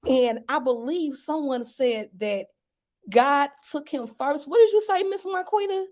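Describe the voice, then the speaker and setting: A woman's voice: sits high, unhurried, darkish tone. A woman hosting an online grief panel, speaking fervently with preacher-like repetition. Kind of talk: emotional panel discussion.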